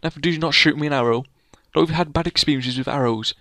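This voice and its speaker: A man's voice: a little high, quick pace, bright, forceful tone, dry recording. A man, casually chatting and teasing a friend while playing a building game. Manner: rambling, playful, teasing his co-player. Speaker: let's play gamer. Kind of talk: casual gameplay commentary.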